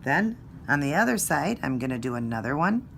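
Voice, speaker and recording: A woman's voice: low voice, very animated, fairly quick, creaky, a bit bright, slight background noise. A woman talking casually through a nail art tutorial, friendly and explaining each step.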